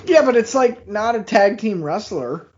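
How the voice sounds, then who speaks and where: A man with a high voice co-hosts a casual podcast, reacting to the match with wry, short quips. The audio sounds dull and lo-fi. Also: lively intonation, moderate pace. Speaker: podcast co-host. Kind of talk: casual watch-along chat.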